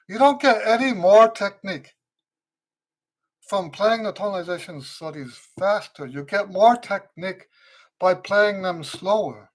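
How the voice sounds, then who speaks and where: A man with a high-pitched voice teaches trumpet during a live-stream Q&A. He sounds tired and weak, his voice fading, and he speaks slowly, repeating his key points for emphasis.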